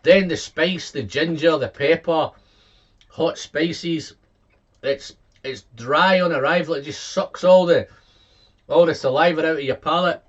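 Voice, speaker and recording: A man giving a casual whisky tasting review, excitable and quick to exclaim, reeling off tasting notes and repeating his words. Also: on the high side, muffled recording.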